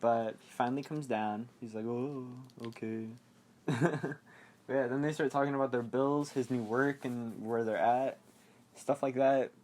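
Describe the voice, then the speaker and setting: A man's voice: mid-range voice, steady tone, darkish tone. Rambling, laughing man recapping a film. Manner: rambling, laughs often, acts out scenes in quick silly voices. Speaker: podcast host reviewing a film. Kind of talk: casual movie recap.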